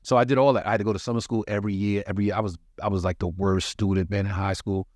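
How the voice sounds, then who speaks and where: A male comedian from New York City telling his life story in a casual podcast chat, animated and profane, acting out the people he quotes. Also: lowish voice, very fast, no room sound, clean studio sound. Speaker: touring comedian, podcast co-host.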